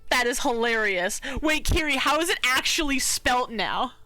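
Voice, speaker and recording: A woman's voice: high-pitched, lively intonation, normal speed, bright, forceful tone, no echo, soft background music. A young woman streaming while she draws, chatting casually in a bubbly, giggly way and sometimes muttering to herself.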